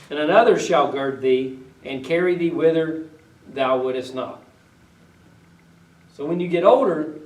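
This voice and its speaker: A male pastor preaching a conversational sermon, reading old-style scripture aloud and then retelling it in everyday words while asking the congregation questions. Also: fairly high pitch. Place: church sanctuary. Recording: echoey room, voice from a distance.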